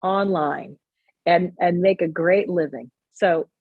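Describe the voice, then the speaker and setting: A woman's voice: on the low side, slow pace, breathy edge, no echo, phone-quality sound. A woman comedian in her forties from Canada, a guest chatting casually in an interview with a wry, joking manner.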